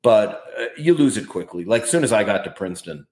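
Male podcast guest from Canada, lower voice, chatty anecdotal storyteller, roomy echo. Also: expressive, fast, darkish tone. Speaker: guest author. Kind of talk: casual podcast chat.

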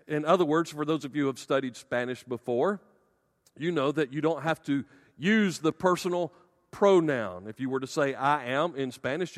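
A man preaching a sermon as pastor, emphatic and slowing down to stress key words. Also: a little high, a bit bright, long reverb tail.

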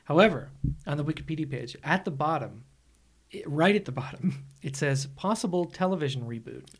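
Guy cohosting a film podcast, kinda high voice, laughs a lot, swears some. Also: animated, normal speed, slightly rough. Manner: joking, laughs often, swears. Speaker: podcast co-host. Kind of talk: casual chat.

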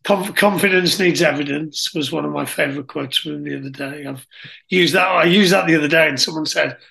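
A man hosting a casual podcast interview, friendly and quick to laugh. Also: a little high, creaky, sharp tone. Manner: friendly, laughs easily, asks rambling questions. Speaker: podcast host.

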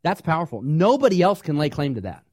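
High-voiced preacher, dry sound. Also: male voice, quick pace, no room sound. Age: young adult or middle-aged, parent of small kids. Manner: animated preaching, acting out quoted voices, asking the congregation questions. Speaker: pastor. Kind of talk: sermon.

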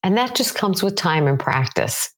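Low-voiced woman coaching earnestly. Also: sing-song, moderate pace, slightly rough. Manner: earnest, asks herself questions aloud. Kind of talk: motivational teaching talk.

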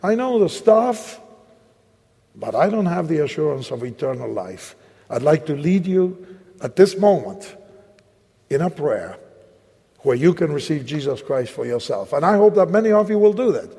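A man preaching with a Latin American accent, telling a personal story and then slowly leading the listeners in prayer, acting out both sides of the dialogue. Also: fairly high pitch, very animated, gravelly, mellow, husky. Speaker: evangelist preacher. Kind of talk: sermon with personal story and altar-call prayer. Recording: long hall reverb.

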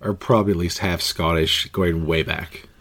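A man's voice: low voice, fairly even intonation, normal speed, fairly bright tone, slightly rough. A middle-aged man hosting a podcast, chatting casually in a jokey, rambling way. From Canada. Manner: jokey, rambling, laughs easily. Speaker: podcast host. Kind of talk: casual chat.

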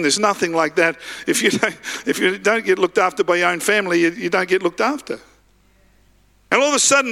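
A male pastor preaching a lively sermon, often calling out to the congregation. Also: high voice. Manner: animated, calls to the congregation.

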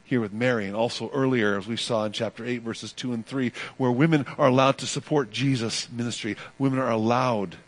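A man's voice: medium pitch, fairly even intonation, a little fast, few pauses. Man preaching an emphatic sermon. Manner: emphatic, rising and falling delivery with repeated phrases. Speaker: pastor.

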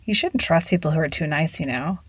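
A woman's voice: low voice, animated, fairly quick, breathy edge, no room sound. A woman voicing a cool, bitter teenage girl with a dry, cutting manner.

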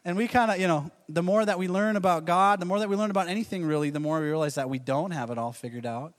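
A man in his thirties delivers a sermon, slipping into quoted voices and chuckling as he tells stories. His voice sits a little high, and a long reverb from the church hall trails each phrase. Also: fast. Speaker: pastor.

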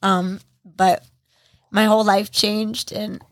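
A woman on a podcast telling her story in an emotional interview, halting and apologetic, close to tears. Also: medium pitch, little pitch movement, no echo. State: on the verge of tears. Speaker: podcast guest. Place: podcast studio under lights.

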